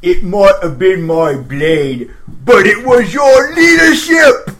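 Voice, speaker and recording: A man's voice: extremely high pitch, normal speed, voice pushed up. Man doing a brash boastful orc warrior. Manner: loud, declaiming.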